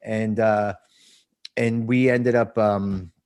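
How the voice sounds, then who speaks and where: Speaking slowly in a fairly low, darkish voice that is clear and resonant, with fairly even intonation, a New Jersey man in his fifties guests on a podcast. The casual interview is about recovery, and he's emotional, blunt, profane, and quick to laugh.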